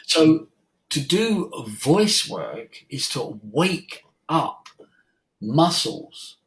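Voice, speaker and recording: A middle-aged man, a voice coach, teaching in an interview, talking slowly and emphatically and telling stories with lively demonstration. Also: fairly high pitch, rough recording. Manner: slow, emphatic, uses his voice to demonstrate; lively storyteller.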